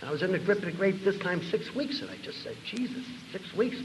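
A fast-talking older storyteller with a slightly high voice shares his recovery story with an audience, animated and rambling, full of repeated words, fillers, and acted-out dialogue. He's recorded in a reverberant, echoey hall with faint room noise.

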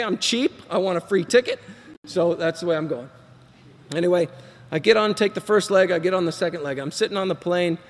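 A man's voice: fairly high pitch, long reverb tail. A middle-aged man telling his recovery story to a group, rambling and acting out what people said, with a self-deprecating humor. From Texas. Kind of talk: personal recovery talk to a group.

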